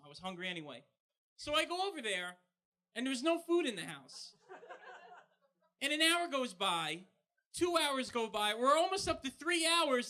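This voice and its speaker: A man doing a stand-up comedy set on a live bar stage, delivering punchy jokes with quick asides into a handheld mic. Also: very high voice, pushed and bright.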